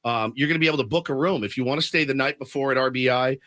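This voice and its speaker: A male sports radio host in animated, excitable banter, recorded on a studio microphone. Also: medium pitch, rapid-fire, dry recording. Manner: excitable, prone to loud bursts of laughter.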